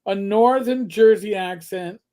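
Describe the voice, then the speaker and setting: A man with a New York accent, co-hosting a casual livestream chat in a halting, rambling way with many restarts. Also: high voice, warm tone. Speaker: podcast co-host.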